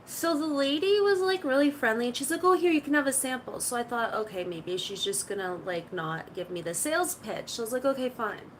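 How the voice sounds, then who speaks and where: Woman streamer, casual and chatty, meandering anecdotes, a bit high-pitched, faint hiss behind. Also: lively intonation, a little fast, few pauses, poor audio. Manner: rambling storytelling, full of "like". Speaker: live streamer. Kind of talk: casual chat to stream viewers.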